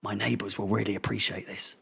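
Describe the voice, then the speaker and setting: A man hosting a fan channel's live watchalong, whispering hushed casual commentary on a football match with swearing and jokes. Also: on the low side, level tone, fairly quick, creaky, breathy edge. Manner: swearing, joking banter.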